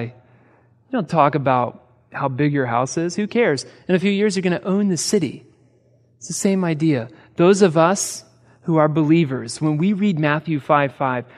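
A man from the American Midwest preaching a sermon as pastor, conversational, with repeated rhetorical questions and touches of humor. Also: fairly high pitch. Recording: reverberant hall.

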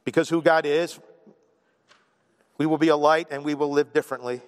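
A middle-aged male pastor preaches in an easy, conversational way, tossing in "right?" and playing out little quoted voices. His voice sits a bit high for a man, and it rings with the long reverb of a church hall. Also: fairly even intonation, moderate pace, clean tone. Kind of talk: sermon.

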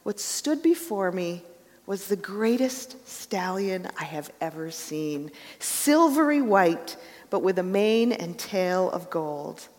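A woman preaching a sermon, telling a parable earnestly in a measured storytelling manner. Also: on the low side, animated. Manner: earnest storytelling, softening to hushed prayer. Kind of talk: sermon with read-aloud story. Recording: long hall reverb.

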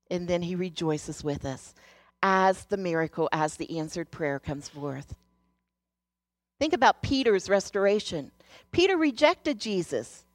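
A woman's voice: mid-range voice, no echo. Earnest woman preaching in a dry recording. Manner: storytelling, earnest, shifting between hushed and emphatic. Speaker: speaker sharing a devotional message. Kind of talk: sermon.

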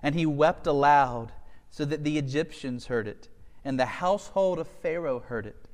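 Earnest high-voiced male pastor. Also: normal speed, in a large hall. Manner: emotional, earnest reading, choked up at times. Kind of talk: sermon with scripture reading.

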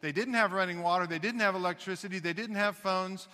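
High, bright-voiced preacher. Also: male voice, quick pace, big-room sound. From United States. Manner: emphatic preaching, folksy asides. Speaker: pastor. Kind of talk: sermon.

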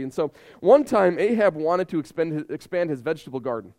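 A man's voice: a little high, lively intonation, fairly quick, few pauses, darkish tone. A man in his thirties preaching a sermon with emphatic repetition and rhetorical questions. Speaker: pastor.

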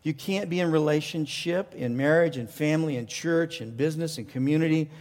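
A man's voice: on the high side, brisk, darkish tone. A male pastor preaching a passionate sermon, asking rhetorical questions and often restarting his sentences. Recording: long reverb of a large hall.

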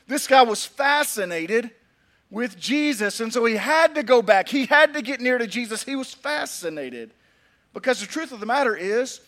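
A man preaching a sermon in an unusually high, bright voice. He drives his points home through repetition and emphasis. He slips into humorous storytelling between scripture readings. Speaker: pastor.

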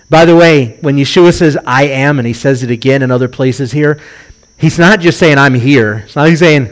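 A middle-aged rabbi preaches a sermon through animated storytelling, acting out the voices he quotes. His voice is medium-pitched and moves at a moderate pace.

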